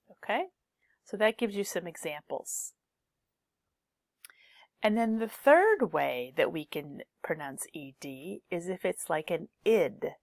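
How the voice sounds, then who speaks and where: A woman teacher with a slightly low voice leads a pronunciation lesson at a very unhurried pace. She says each example word twice and models every sound carefully. The recording is dry, close, and free of room echo. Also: big pitch swings. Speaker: English teacher.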